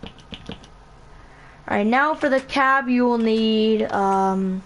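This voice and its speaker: Brief: woman host, casual build tutorial, slow unhurried delivery, higher voice, stops to correct herself. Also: slight background noise. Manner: halting, self-correcting, repeats item names. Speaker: channel host.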